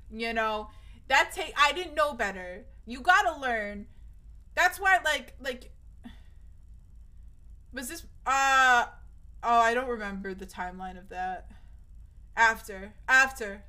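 She's a young streamer with a highish, bright, pushed voice, casually talking to her live audience. Her speech wanders and restarts frequently, she swears, and nerves make her voice crack.

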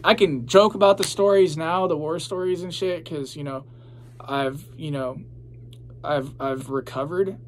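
A man's voice: fairly high pitch, a little hiss or hum. A young man telling his own story in a casual, rambling, profane way, full of fillers.

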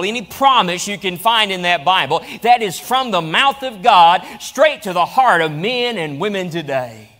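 A man with a high voice preaches from the pulpit, his delivery rising and swelling through repeated phrases. He preaches in a church hall. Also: pushed and bright. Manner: preaching with rising emphatic repetition. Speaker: pastor. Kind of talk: sermon. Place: church auditorium.

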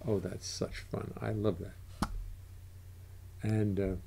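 A man's voice: fairly low pitch, level tone, slow, creaky, warm tone, a little hiss or hum. An older man hosting a livestream in casual chat, rambling and interrupting himself as he goes. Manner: rambling, self-interrupting, chatty. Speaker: livestream host.

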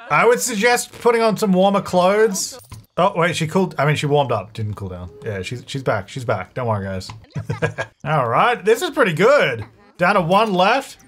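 Lively-voiced man narrating his gameplay. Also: fairly high pitch. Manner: chatty, thinks aloud, self-correcting; excitable bursts, quick laughs. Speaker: gaming channel host. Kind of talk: let's-play gameplay commentary.

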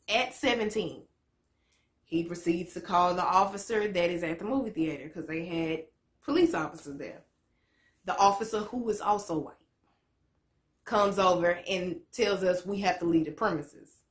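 A woman's voice: lowish voice, expressive, normal speed. A woman in her late twenties telling a story to camera as a vlogger, blunt and profane, full of slang. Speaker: motivational vlogger. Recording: echoey room.

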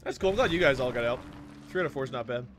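A man's voice: mid-range voice, expressive, racing, a bit bright, faint music behind. A man hosting a casual game stream, chatting with friends and thanking viewers in a playful, laughing manner. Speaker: streamer host. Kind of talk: casual gaming stream chat.

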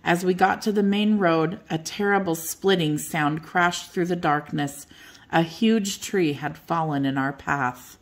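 An older woman reads a children's bedtime story aloud. Her voice sits a little low, and her reading is gentle and expressive. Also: a little slow.

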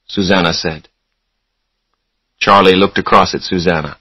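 A male narrator reads a story aloud for English learners, taking it slowly and clearly. His voice is somewhat low, and the recording is dry and close. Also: bright, forceful tone, no room sound, poor audio. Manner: slow, clear reading.

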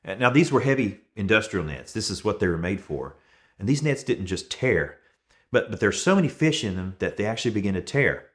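A man with a fairly low voice preaches to his congregation in an easy, conversational way. He is in his thirties and leans on homely everyday stories to carry his points. His delivery stays relaxed and friendly rather than formal. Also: fairly quick. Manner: relaxed storytelling with everyday examples. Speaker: pastor. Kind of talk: conversational sermon.

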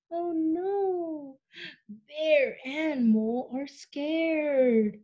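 A woman reading a picture book aloud to young children, animated, with frequent gasps and drawn-out sound words, stopping to ask the listener questions. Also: high-pitched, lo-fi sound. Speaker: children's story reader.

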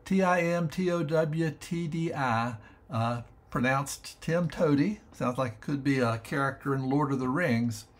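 A man teaching math on a screencast, explaining step by step in an unhurried way and often stopping to rethink his wording. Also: fairly high pitch. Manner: thinking aloud with frequent fillers and restarts. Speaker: math educator.

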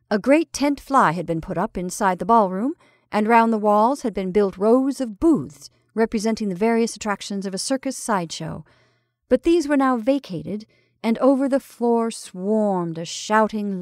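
A woman reading a classic short story aloud in a measured, expressive storytelling style. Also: mid-range voice, no echo, clean studio sound. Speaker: story reader. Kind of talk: scripted storytelling narration.

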